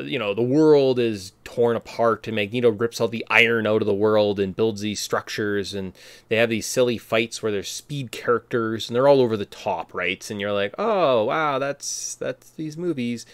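Podcast co-host, male, fairly low voice, animated and emphatic, dry close mic. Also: no room sound. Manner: animated, emphatic, quick bursts of enthusiasm. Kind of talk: casual movie discussion.

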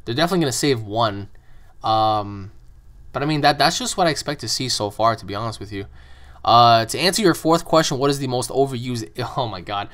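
A man's voice: mid-range voice, fairly bright tone. A man hosting his own channel, answering fan questions in a rambling, profane monologue full of repeated words. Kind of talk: casual opinionated monologue.

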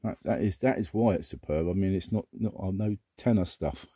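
A man casually sorting through a box of old records, chatting and thinking aloud, rambling with bursts of excitement. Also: low-pitched, fairly quick, slightly rough, no room sound. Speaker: record collector host. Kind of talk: casual unboxing chat.

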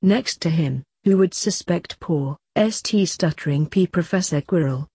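A woman voicing a cold, smug male villain teacher who mocks calmly. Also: lowish voice, unhurried, breathy edge, no room sound. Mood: coolly smug. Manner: calm, coolly mocking.

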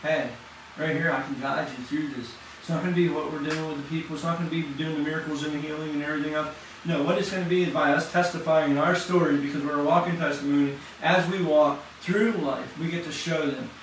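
A man giving an impassioned testimony sermon at church, talking fast and casually with slang. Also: a little high, steady tone, slight background noise. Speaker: church class leader. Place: church hall. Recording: very echoey hall, distant mic.

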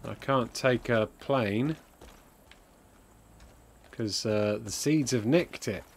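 Swearing, jokey gamer. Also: male voice, medium pitch, slow, husky. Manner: jokey, sarcastic, swears a lot. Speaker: streamer. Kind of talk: live gameplay commentary.

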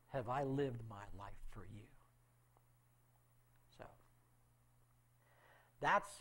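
A middle-aged man shares a heartfelt missionary testimony from the pulpit. His voice has a gravelly edge, and he keeps checking in with the congregation as he tells the story. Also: medium pitch. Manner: emotional storytelling with frequent "okay?" asides. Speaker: missionary speaker. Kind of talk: testimony in a church talk.

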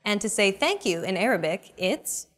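Hosting a language lesson, a woman reads from a script and urges learners on with brief, upbeat teacher prompts. Her voice is mid-range with big pitch swings, and she speaks at a moderate pace.

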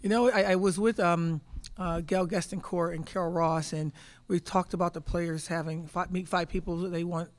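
A woman's voice: on the low side, steady tone, normal speed. A woman in her fifties, a head basketball coach answering press conference questions, telling stories emphatically and repeating words as she thinks.

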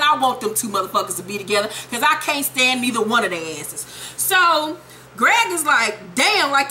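Brash, bright-voiced woman recapping with profanity. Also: fairly high pitch, a little hiss or hum. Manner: profane, animated, quotes characters in quick voices. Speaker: TV show recapper. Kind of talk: comedic episode recap.

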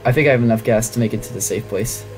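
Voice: mid-range voice, rapid-fire, music in the background. A gaming channel host giving gameplay commentary, reacting dramatically to the game and talking to its characters.

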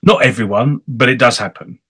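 An English man hosting an interview show in a casual, chatty way, animated and playful. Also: medium pitch, brisk, slightly rough. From England. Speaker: host. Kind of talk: casual chat.

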